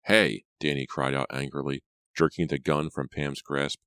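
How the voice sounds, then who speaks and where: A man reading a thriller audiobook as its narrator, in a steady, measured delivery. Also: rumbling low, clean tone, dry recording. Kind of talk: scripted narration.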